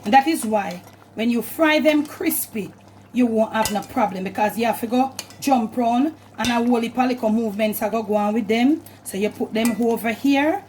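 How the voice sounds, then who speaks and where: A woman's voice: a little high, moderate pace, darkish tone, slight background noise, poor audio. A woman with a Jamaican accent, hosting a cooking channel and giving chatty, instructive steps while she cooks in her kitchen. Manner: chatty, instructive, repeats "and all of that". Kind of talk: casual cooking demonstration. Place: home kitchen.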